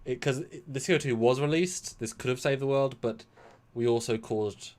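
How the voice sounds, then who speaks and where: A British man co-hosting a casual episode review, animated, acting out quotes and swinging between loud and soft. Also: medium pitch, normal speed. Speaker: podcast co-host.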